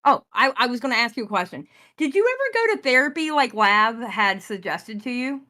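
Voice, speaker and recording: A woman in casual stream talk who reacts bluntly and asks pointed questions. Her voice is bright and on the high side. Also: very animated, brisk. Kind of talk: casual chat.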